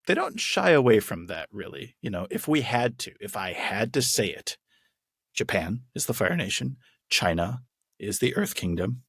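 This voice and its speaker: A man's voice: fairly low pitch, big pitch swings, normal speed, a bit bright, breathy edge, no room sound, studio quality. A man co-hosting a podcast, chatting casually and enthusiastically with many restarts. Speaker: podcast co-host. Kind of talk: casual chat.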